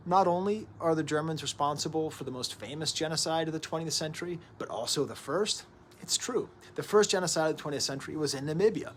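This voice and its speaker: A man in his thirties, talking through an album at home in an animated, rambling way with joking asides. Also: fairly high pitch, slight background noise. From United States. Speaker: record reviewer. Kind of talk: casual music analysis to camera.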